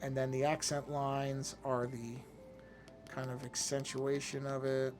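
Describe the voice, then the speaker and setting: A man's voice: mid-range voice, little pitch movement, a little slow, a little mellow, faint music behind. A man streaming his drawing session, thinking aloud in a casual, hesitant way, often trailing off and restarting his sentences. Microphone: desk microphone.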